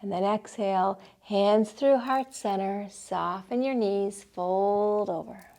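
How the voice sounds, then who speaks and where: A young woman gently guiding children through a yoga class, playful and encouraging, sometimes making animal sounds. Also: mid-range voice, takes it slowly. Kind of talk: guided kids' yoga instruction.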